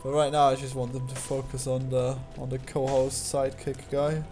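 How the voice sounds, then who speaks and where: Dry-spoken man over loud game music. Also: mid-range voice, little pitch movement, normal speed. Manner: dry, understated, short replies. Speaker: game developer and host. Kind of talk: casual gaming chat.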